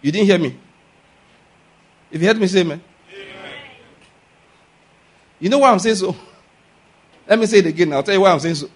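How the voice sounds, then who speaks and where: Male preacher, high voice, emphatic sermon delivery, asks questions and waits for answers. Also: animated, fairly quick, pauses often, husky. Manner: emphatic, asks rhetorical questions and repeats key lines; calls for audience responses.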